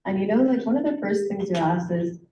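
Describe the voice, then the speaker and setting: Brief: woman moderator, relaxed casual questions, warm voice, dull echoey sound from far off. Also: medium pitch, fairly quick, a little hiss or hum. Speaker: panel moderator. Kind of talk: moderating a panel discussion.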